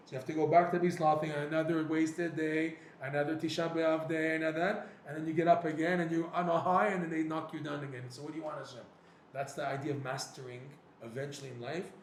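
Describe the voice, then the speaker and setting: A man teaching a Torah class, telling a personal story and acting out his own prayers and dialogues in an animated way. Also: on the high side. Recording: echoey room with faint noise.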